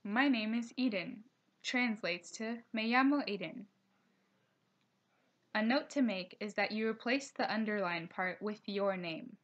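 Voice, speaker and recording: A woman's voice: mid-range voice, dull audio. Woman narrating a slideshow lesson. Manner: reads slides aloud at a steady pace, with careful slowed pronunciation notes. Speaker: teacher.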